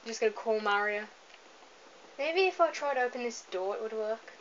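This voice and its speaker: A woman's voice: fairly high pitch, animated, a little fast. Chatty young woman on a lo-fi camera mic. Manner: chatty, giggly, rambling asides. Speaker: let's play gamer. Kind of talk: casual gameplay commentary. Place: home room, moving away from the camera at times. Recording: dull lo-fi camera audio with faint hiss.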